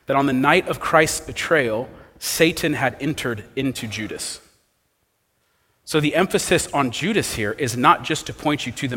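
A man's voice: mid-range voice, a bit bright, husky, long reverb tail. A man preaching an expository sermon as a pastor, asking rhetorical questions as he explains the text.

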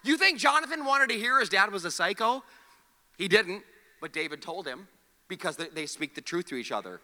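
Bright, animated preacher in a reverberant hall. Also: male voice, high voice, a little fast. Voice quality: animated storytelling, acts out the characters' lines. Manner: calls on the audience to repeat words. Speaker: pastor. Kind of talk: sermon.

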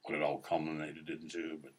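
A man's voice: extremely low pitch, monotone, brisk, husky. A man, an actor, telling a rambling, profane story in casual conversation.

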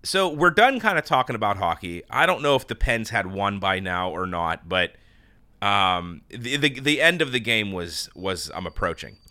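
A man's voice: on the low side, lively intonation, moderate pace, sharp tone, no echo. A male podcast host chatting casually, telling a long anecdote with restarts and quoted exchanges. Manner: rambling storyteller with many restarts and quoted dialogue. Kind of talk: casual chat.

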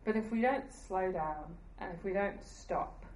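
A woman's voice: mid-range voice, a little slow, a little mellow, roomy sound, a little hiss or hum, low-quality recording. A woman preaching a sermon in an earnest, conversational way, laughing at herself now and then.

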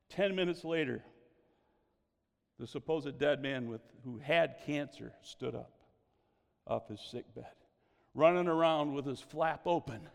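A man's voice: mid-range voice, a little slow, creaky, long pauses. Man preaching in a reverberant hall. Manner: animated storytelling, exclamations of praise. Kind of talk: sermon.

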